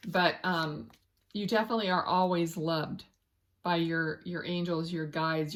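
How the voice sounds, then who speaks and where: Rambling woman reading tarot cards. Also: on the low side. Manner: rambling, searching for words, often restarting; murmurs softly to spirit between cards. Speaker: psychic medium giving a tarot reading. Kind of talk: casual spoken tarot reading.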